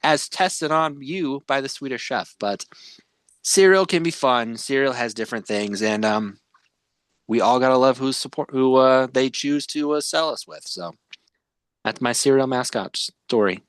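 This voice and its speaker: A man's voice: mid-range voice, unhurried, clean tone, no echo, studio quality. A man hosting a podcast, chatting casually and rambling with many fillers. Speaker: podcast host. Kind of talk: casual chat.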